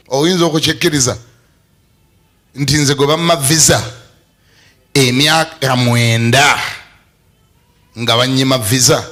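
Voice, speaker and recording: A man preaching a sermon as a bishop, animated and laughing often, breaking into shouts. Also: mid-range voice. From Uganda.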